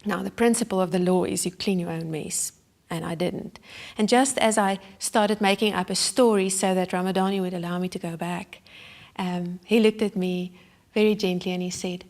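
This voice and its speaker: A woman giving a sermon as a personal story, told vividly and with feeling, sometimes dropping to a hush. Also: mid-range voice, fairly even intonation, normal speed. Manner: vivid, emotional storytelling with sudden hushed asides. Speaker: Christian speaker.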